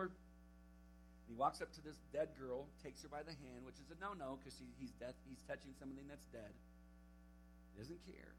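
A young man giving a camp sermon to teenagers, telling a Bible story with lively acted-out quotes. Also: on the high side, brisk, slightly rough, rough recording. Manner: animated storytelling, acting out quotes. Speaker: camp speaker. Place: camp meeting hall.

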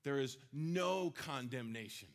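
A man's voice: mid-range voice, animated, a little slow. A man preaching a sermon in a conversational way, now and then acting out quoted voices. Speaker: pastor.

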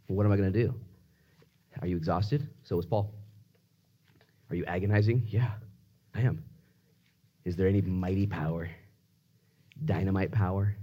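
A man preaching a sermon, telling personal stories and acting out quotes, with sudden swings between loud bursts and hushed asides. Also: medium pitch, sing-song, fairly quick, long pauses, dull audio. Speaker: pastor.

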